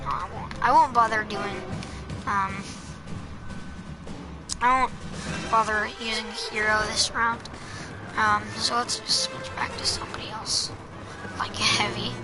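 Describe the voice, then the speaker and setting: A woman's voice: medium pitch, fairly even intonation, measured pace, long pauses. A woman giving casual gameplay tips over a headset, hesitant and full of ums and restarts. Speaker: gameplay commentator. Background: game music and sound effects.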